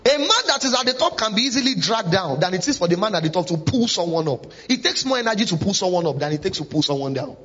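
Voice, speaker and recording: A man's voice: high-pitched, expressive, fast, few pauses, a bit bright. A man preaching a sermon in church, emphatic and full of rhetorical questions. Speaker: pastor. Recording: dull lo-fi recording.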